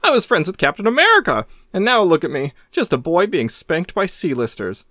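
A man voicing a whiny, panicky young male sidekick with a high, pleading squeal and a stammer. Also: huge pitch swings, moderate pace, pushed and bright, no echo, clean studio sound, heavily acted. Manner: stammering and wailing.

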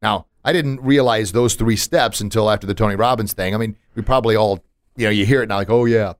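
A man's voice: lowish voice, fast, dry recording. A man hosting a podcast in casual chat, emphatic and motivational, with punchy asides. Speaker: podcast host.

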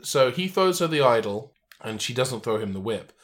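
A man's voice: mid-range voice, expressive, normal speed. British man, wry podcast co-host. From Britain. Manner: self-mocking, sarcastic asides. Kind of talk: casual chat.

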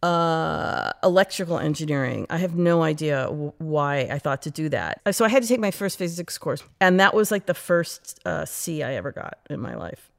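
A middle-aged woman from the United States, an interview guest, telling stories in a lively, chatty way and acting out her past self. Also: deep voice, normal speed, vocal fry. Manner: animated, quotes her past self, frequent laughs and "like". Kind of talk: casual interview storytelling.

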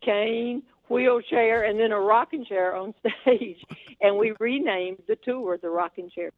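A woman's voice: medium pitch, a little slow. Older woman over a tinny phone line. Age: 70s. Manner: chatty, laughs often while telling stories. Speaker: guest comedian. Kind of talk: storytelling in a phone interview. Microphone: telephone.

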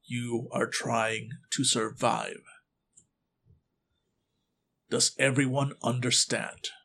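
A man voicing a stern male school principal who gives slow, grave, commanding orders to children. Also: mid-range voice, flat delivery, gravelly, a bit bright, full character voice.

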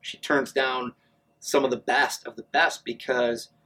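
A man's voice: medium pitch, flat delivery, a little slow, bright, forceful tone, poor audio. A man telling stories casually as an interview guest, acting out the voices of the people he quotes. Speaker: guest, amateur triathlete.

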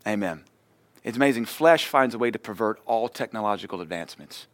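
A man's voice: fairly low pitch, lively intonation, a little fast, dry recording. Man preaching in a chatty, dry voice. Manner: conversational preaching, acts out short dialogues. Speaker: pastor. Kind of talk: sermon.

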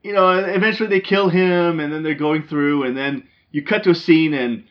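A man's voice: a little high, fairly even intonation, moderate pace. A man hosting a casual movie chat, rambling with lots of ums and restarts. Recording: dull lo-fi sound.

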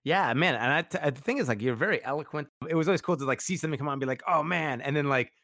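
Talking very fast in a fairly bright mid-range voice, a male podcast host runs a casual interview with real enthusiasm, constantly using fillers like "like" and "you know." The recording is studio quality with no echo.

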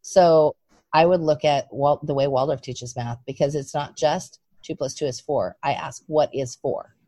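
Woman, lowish voice, explanatory, advising, dry sound. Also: fairly even intonation, unhurried, dark tone, no room sound. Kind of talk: casual interview conversation.

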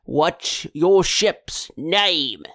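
A man voicing a fussy male goblin dock clerk in a tabletop game, with a gruff, drawling manner. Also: on the high side, expressive, drawn-out words, fairly bright tone, no room sound, studio quality, full character voice. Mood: officious.

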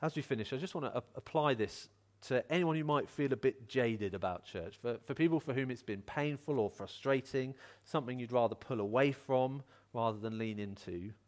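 A man's voice: medium pitch, fairly quick, hardly any pauses. A man preaching a sermon in an earnest, encouraging way, acting out voices as he tells stories. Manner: animated, acts out voices in a story.

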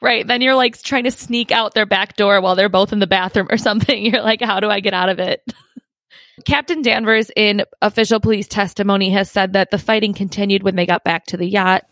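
A woman's voice: medium pitch, fairly even intonation, a little fast, fairly bright tone, no echo. A woman co-hosting a casual true-crime podcast, recounting events with frequent laughter. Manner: chatty, laughs often, recounts story. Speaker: podcast co-host.

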